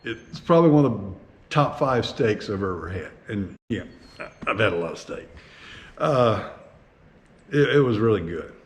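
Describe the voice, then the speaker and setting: A man hosting his own flying vlog, telling a travel story in a casual, animated way with plenty of fillers and restarts. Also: lowish voice, moderate pace. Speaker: vlog host and private pilot.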